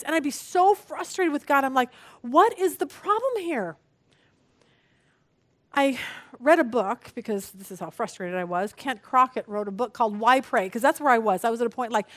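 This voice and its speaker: A middle-aged woman teaching a women's Bible study, telling stories animatedly with a self-mocking humor and acting out what people said. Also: no echo. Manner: animated storytelling, acts out quotes with big pitch jumps; self-deprecating humor, frequent "okay?".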